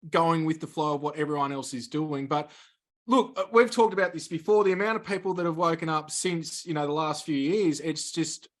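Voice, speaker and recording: A man speaks as a guest on a talk show, answering in a measured, explanatory manner. His voice is pitched somewhat high for a man, and he builds his points step by step. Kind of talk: spiritual interview talk.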